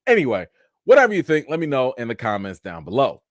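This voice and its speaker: Man hosting a live chat, young, lively swinging pitch, dry close sound, animated and mocking. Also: fast talker, dry recording. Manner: animated, mocking asides, rising to near-shouts. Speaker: show host.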